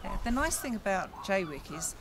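A man's voice: sits high, very animated, moderate pace, a bit bright, rough recording. An older man from England, a longtime local, speaking plainly and earnestly in a street interview. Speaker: local resident.

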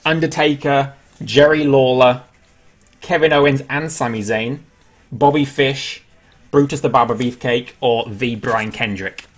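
A man's voice: mid-range voice, unhurried. A man with an English accent, hosting a casual livestream, chatting loosely, answering viewers' questions aloud and laughing at himself. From England. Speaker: livestream host. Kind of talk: casual live-stream chat.

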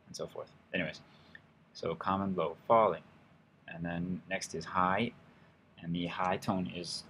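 A young man casually teaching a language lesson from a hotel room, relaxed and rambling with fillers and restarts. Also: sits low, slight background noise. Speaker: language teacher, channel host.

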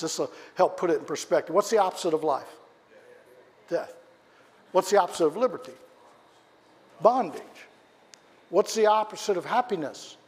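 A man preaching a sermon as pastor, telling a story dramatically and asking the congregation questions, his voice rising for quoted shouts and dropping low for emphasis. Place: church sanctuary. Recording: church hall with long reverb.

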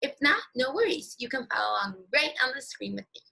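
A woman teacher leading a guided reading lesson for young children, speaking slowly and encouragingly and stretching out words. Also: sits high, very animated, gravelly, sharp tone, husky, low-quality recording.

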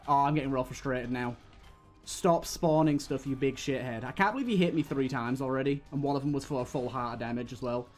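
A man's voice: mid-range voice, brisk, darkish tone, faint music behind. A young British man streaming a game, giving exasperated running commentary full of swearing. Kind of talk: live gameplay commentary.

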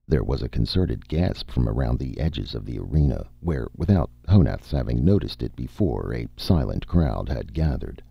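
Man, audiobook narration, husky gravelly voice, muffled lo-fi sound. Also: a bass voice, big pitch swings, no echo. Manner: measured storytelling read. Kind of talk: scripted narration. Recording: dull, dry audiobook recording.

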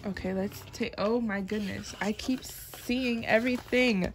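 A young woman chats through an album unboxing, playful and easily amused, making dramatic complaints. She talks at an unhurried pace in a mid-range voice. Faint clicking and handling noise sits behind her. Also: medium pitch, fairly even intonation. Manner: chatty and playful, often laughing, with dramatic complaints. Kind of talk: casual unboxing chat.

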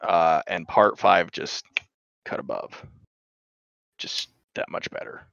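A man's voice: deep voice, slow, gravelly, fairly bright tone, dry recording, muffled recording. A man co-hosting a casual podcast, chatty and eager, often trailing off and restarting his sentences. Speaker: podcast co-host.

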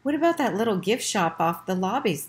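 A woman voicing an anxious, gentle mother who soothes her sick son. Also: medium pitch, sing-song, brisk, voice pushed up, lightly acted. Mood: worried. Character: worried gentle mother, middle-aged.

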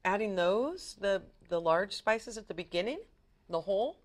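A woman's voice: mid-range voice, animated, moderate pace. A woman hosting a TV cooking show, upbeat and bubbly as she tastes and chats with a guest chef. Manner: bubbly, upbeat, laughs easily.

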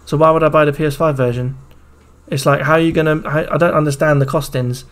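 Excitable streamer, slightly high voice. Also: male voice, fast. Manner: excitable, swears freely, talks over the video. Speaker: streamer reacting to a game trailer. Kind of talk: casual reaction commentary.

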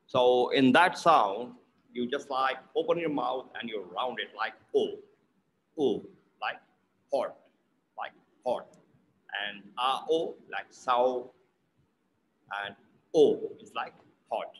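A man teaching pronunciation, explaining slowly and repeating words aloud to model each sound. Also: medium pitch, pushed and bright, slight background noise, low-quality recording.

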